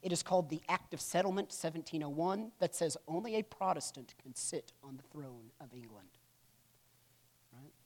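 A church history teacher talks a class through the material in a loose, conversational way. The delivery keeps pausing for "right?" and "okay?" check-ins and wanders into light, joking asides. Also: mid-range voice, animated, darkish tone. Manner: humorous asides. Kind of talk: classroom lecture.

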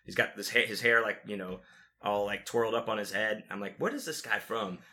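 A man's voice: on the low side, fairly quick, pushed and bright. A man telling stories in casual chat, rambling and profane, with lots of fillers and restarts.

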